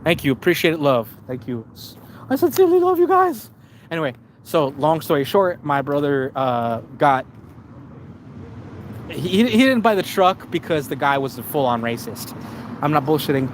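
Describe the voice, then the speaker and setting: Casual male streamer, rambling and halting, slightly high pitch; noisy outdoor traffic backdrop. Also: animated. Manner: rambling, stumbling restarts and repeats. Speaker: live streamer. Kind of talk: casual storytelling to a live chat.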